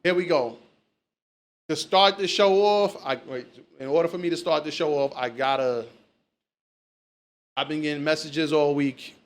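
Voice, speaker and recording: Loose-talking New man, slightly high. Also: fairly bright tone. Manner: loose, storytelling, swears freely. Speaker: podcast host. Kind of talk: casual chat.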